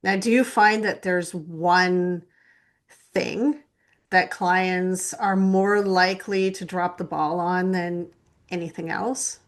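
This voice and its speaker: A woman's voice: lowish voice, steady tone, slow. A woman hosting a podcast interview, enthusiastic and self-deprecating, laughing often between questions. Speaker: podcast host.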